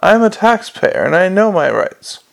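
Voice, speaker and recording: A man's voice: high voice, big pitch swings, a little slow, gravelly, pitched above the performer's own voice, heavily acted. A man voicing a pushy, indignant middle-aged male butcher in a storybook reading.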